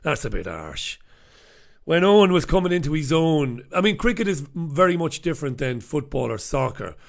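A creaky, higher-pitched Irish voice speaks fairly quickly and animatedly as a man hosts a relaxed live stream from a small studio on a desk microphone, rambling, chatting with viewers, and joking at his own expense.

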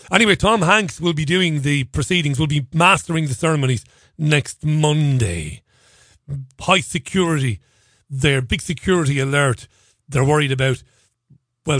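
A man's voice: fairly high pitch, fairly bright tone, dry recording. A male radio host delivering a chatty talk radio monologue with sardonic, self-deprecating asides.

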